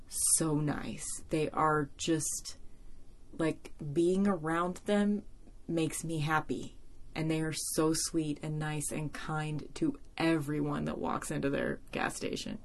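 A woman's voice: low voice, vocal fry. A young woman hosting a solo podcast, talking casually and emotionally with many fillers, close to tears. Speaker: podcast host.

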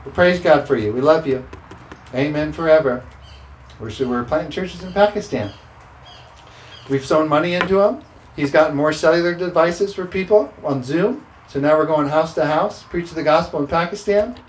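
A man's voice: a little high, normal speed, a little hiss or hum. A man preaching a sermon as pastor, emphatic and repeating scripture declarations. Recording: roomy sound with faint ambience.

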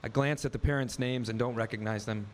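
Speaking fast with fairly even intonation, this mid-range-voiced man in his thirties performs a first-person story on stage. He's wry and vivid, voicing the dialogue himself, and a little hiss or hum can be heard.

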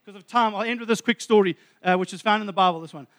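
A man with a high, somewhat bright voice preaches a sermon at a quick pace, retelling a story. He keeps addressing his listeners as friends and stumbles through many restarts.

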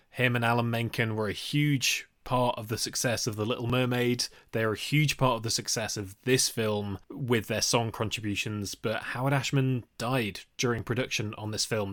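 A man's voice: on the low side, a bit bright, no echo, clean studio sound. Man steering a casual film podcast. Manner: curious, sets up topics with questions. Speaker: podcast co-host.

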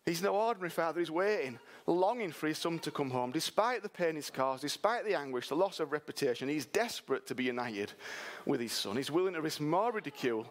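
Preacher telling a story. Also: male voice, on the high side, fairly quick, few pauses. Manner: lively, storytelling, directing a volunteer. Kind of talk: sermon with live re-enactment.

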